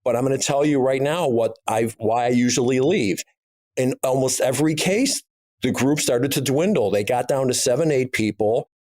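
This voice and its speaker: A middle-aged man co-hosts a podcast, talking bluntly and with emphasis in a casual conversation; he's also a business owner. His voice is medium in pitch, a little mellow, and paced normally, captured in clean studio sound with no echo.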